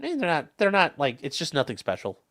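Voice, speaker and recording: A bright, forceful male voice with a lively, swinging pitch, rambling casually through a livestream. He reads viewer comments and chats in a loose, conversational way, full of fillers and restarts. The delivery sits on the higher side for a man. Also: a little fast.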